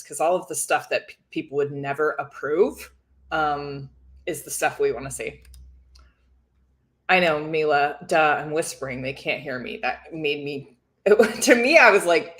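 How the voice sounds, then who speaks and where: Giggly woman chatting on a livestream, low voice, lots of likes and ums. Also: fairly bright tone. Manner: chatty and giggly, reads viewer comments aloud. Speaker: livestream host reacting to a reality show. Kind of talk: casual livestream commentary.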